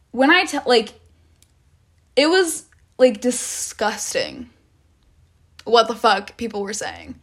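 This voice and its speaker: A young woman talks straight to her audience in a loose, rambling storytime. Her voice sits a little high, and she strings her thoughts together with constant "like"s and casual swearing. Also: a bit bright. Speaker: vlogger.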